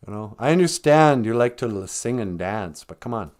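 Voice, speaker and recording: A man's voice: mid-range voice, expressive, normal speed, darkish tone, close to an everyday voice. A man voicing a very old, traditional grandfather who lectures in a stern way.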